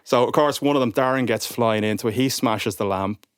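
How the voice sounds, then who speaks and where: A young man, a podcast guest, telling an animated anecdote in casual chat and acting out what others said. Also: medium pitch, brisk, clear, resonant tone, dry recording, studio quality. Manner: animated, acts out quotes of others.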